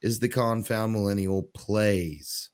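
A man's voice: lowish voice, takes it slowly, darkish tone. A man hosting a casual gaming session with friends, upbeat and playful. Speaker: podcast host.

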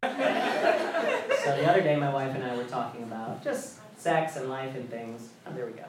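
A man performing stand-up comedy, racing through a story with animated delivery. His voice sits at a middle pitch and sounds roomy and far from the mic. Loud noise runs underneath. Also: normal speed.

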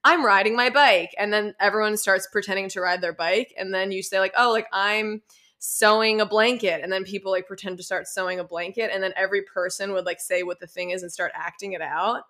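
Bright-voiced chatty young woman host. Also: medium pitch, fast, few pauses. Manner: chatty, animated storytelling with frequent fillers. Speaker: podcast host. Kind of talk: casual interview chat.

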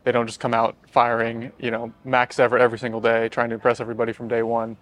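A young man hosting a casual podcast discussion, leading the questions in a quick, conversational way. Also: mid-range voice, completely flat delivery. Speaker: podcast host.

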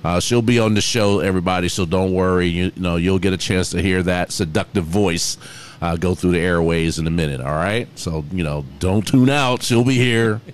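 A man hosting a casual local podcast, easygoing and chuckling, with drawn-out asides. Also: low voice, a little hiss or hum. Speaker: podcast host.

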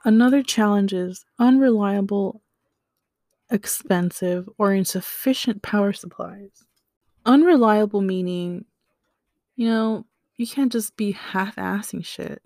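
A woman's voice: mid-range voice, measured pace, darkish tone, no echo. A woman hosts a laid-back solo podcast, taking her time through the facts. She breaks in with slangy asides and joking reactions. Her voice sits close and dry on the mic. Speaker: podcast host. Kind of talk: casual solo podcast explainer.

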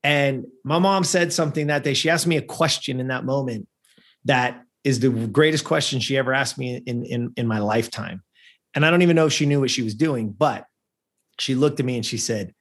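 This is a man in his fifties with a husky, slightly breathy voice at a mid-range pitch. He tells a personal story as a podcast guest. He talks earnestly, circles back and restarts his phrases, and keeps checking in with "right?". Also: a little fast, a bit bright. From Lancaster, California. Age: 50s. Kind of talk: conversational storytelling.

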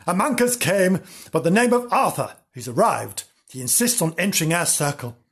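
Guy playing a newbie psychic man, halting and solemn, a bit high and husky. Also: lively intonation, exaggerated voice. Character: novice male clairvoyant, Ukrainian émigré.

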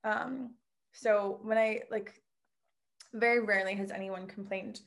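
A woman who owns a pole dance studio, chatting casually and telling stories with lively quoted voices. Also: mid-range voice, unhurried, vocal fry. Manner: animated storyteller, quotes people with lively voices. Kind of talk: casual chat.

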